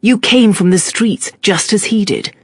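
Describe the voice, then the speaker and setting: A narrator voicing a calm, stern middle-aged male magistrate in an audiobook, measured and quietly threatening. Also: medium pitch, husky, no room sound, voice pushed up. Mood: cool, stern.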